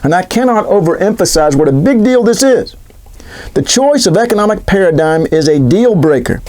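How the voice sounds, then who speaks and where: A middle-aged man talks through a solo commentary, his voice sitting high for a man. He is sarcastic and mock-questioning, and he often stumbles into restarts. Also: big pitch swings, normal speed, a little mellow. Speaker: podcast host.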